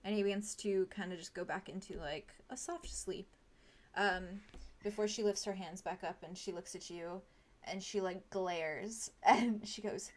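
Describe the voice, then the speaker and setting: A woman narrating as game master of a tabletop game, chatty and quick to laugh, with many fillers. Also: mid-range voice, fairly even intonation.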